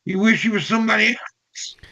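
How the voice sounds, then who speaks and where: This speaker has a very bright, sharp voice and reacts with quick, blunt remarks on a casual podcast. The voice comes over a remote call line. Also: mid-range voice, fairly even intonation, vocal fry, lo-fi sound.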